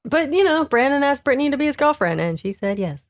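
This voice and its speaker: A woman's voice: sits high, very animated, fast. A woman co-hosting a casual podcast, recapping a reality show in a jokey way, full of likes. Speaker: podcast co-host.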